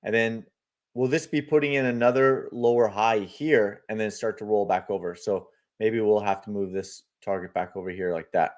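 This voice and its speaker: This livestream market analyst has a lowish voice, fairly even intonation and a moderate pace. Chatty and full of fillers, he speculates about charts and reads viewer comments aloud to respond.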